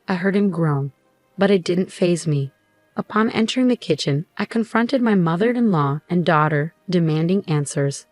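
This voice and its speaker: A woman telling a first-person story as narrator in an even, steady scripted delivery. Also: fairly low pitch, dry recording.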